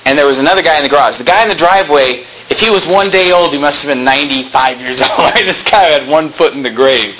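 A man's voice: fairly high pitch, quick pace, few pauses, pushed and bright, rough recording. A man preaching a sermon as a pastor, telling stories animatedly, acting out dialogue and dropping sarcastic asides.

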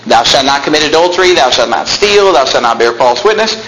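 A man's voice: on the high side, lively intonation, a little fast, fairly bright tone. A man preaching a sermon, telling stories and rising to emphatic peaks. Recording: echoey room with faint noise.

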